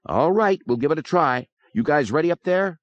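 A man's voice: a little high, expressive, moderate pace, dry recording, lo-fi sound, pitched above the performer's own voice, lightly acted. A man playing a brash wisecracking guy. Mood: urgent. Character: joking, brash young man.

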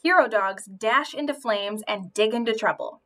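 Bright-voiced woman reading a story. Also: on the high side, moderate pace. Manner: expressive first-person storytelling. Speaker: audiobook reader. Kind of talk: reading a children's novel aloud.

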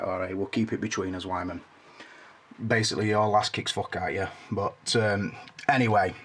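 A man's voice: mid-range voice, a bit bright. A man reviewing a toy figure in a casual, jokey video, swearing freely as he tells stories.

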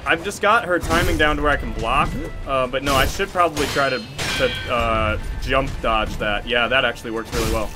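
A man streams a game and talks to his chat in an average-pitched voice, swearing freely and flaring into rage. Game music plays clearly behind him. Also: brisk. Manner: swearing, raging, laughing at himself. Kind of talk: live gaming stream commentary.

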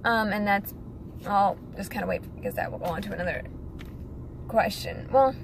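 A young woman chats casually to her viewers, giggling and talking straight to them with no accent. Her voice sits at a middle pitch. A faint noise hums under the recording. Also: moderate pace, gravelly. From United States. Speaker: model and vlogger. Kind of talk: casual chat to camera.

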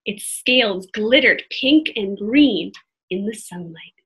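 A woman reading a children's chapter book aloud expressively, pausing to talk to her listeners. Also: medium pitch, slight background noise. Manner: expressive, pauses to comment to listeners. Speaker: storybook reader.

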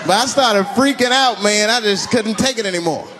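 A man performing stand-up comedy, telling a story in an animated way that swings between loud bursts and muttered asides. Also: high-pitched, moderate pace. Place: comedy stage before a live audience. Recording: live stage recording with crowd noise. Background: audience laughter.

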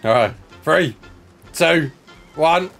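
High-voiced playful male gamer. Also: lively intonation, extremely slow, gravelly, fairly bright tone, faint music behind. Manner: playful, laughing, calls everyone mate. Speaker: gaming video host. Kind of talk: casual gaming chat with a co-player.

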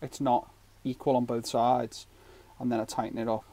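A man's voice: medium pitch, little pitch movement, moderate pace, dark tone. A man giving a casual, rambling fishing knot tutorial with jokey asides. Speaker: fishing channel host.

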